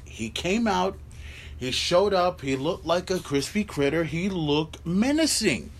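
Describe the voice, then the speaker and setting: Fired-up man ranting, high-ish voice. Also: expressive, measured pace, a little hiss or hum. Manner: ranting, incredulous, heavy swearing, rhetorical "right?" asides. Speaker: podcast host. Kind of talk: profane wrestling recap rant.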